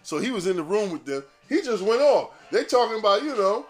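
A man with a voice a little higher than most rambles through a casual podcast monologue. He swears freely and breaks into laughter at his own jokes. Faint music sits behind him. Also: sing-song, a little fast. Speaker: podcast host.

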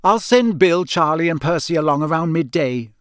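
A man's voice: lively intonation, normal speed, clear, resonant tone, no echo, studio quality, lightly acted. A man voicing a stern, fussing middle-aged mother witch who scolds sharply. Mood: brisk. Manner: sharp, scolding, shrill when angry.

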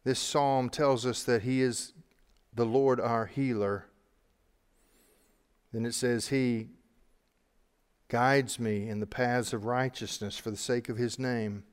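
A man preaching a sermon as a pastor who teaches on the Psalms, earnest, spelling out Hebrew names letter by letter and moving between swelling emphasis and soft, slow passages. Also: mid-range voice, steady tone, smooth. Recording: long hall reverb.

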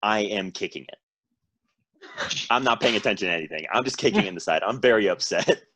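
A man's voice: on the low side, expressive, normal speed, noisy background. A man playing in a tabletop game, joking around in a playful, rambling way. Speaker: player.

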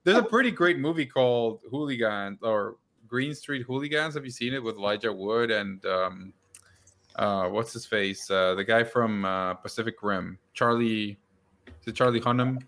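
A man's voice: on the low side, moderate pace, a bit bright. A man hosting a podcast, chatting casually about a TV show, rambling with frequent restarts. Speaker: podcast host. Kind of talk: casual chat.

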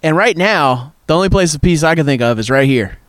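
Animated, jokey male podcast host. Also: on the high side, fairly quick. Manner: jokey, animated, laughs easily. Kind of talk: casual chat. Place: outdoors by a campfire in cold weather.

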